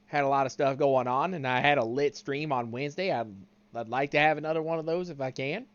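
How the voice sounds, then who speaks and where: A man's voice: mid-range voice, fairly quick, smooth, lo-fi sound. A man hosting his live stream, chatting casually and setting up. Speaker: streamer host.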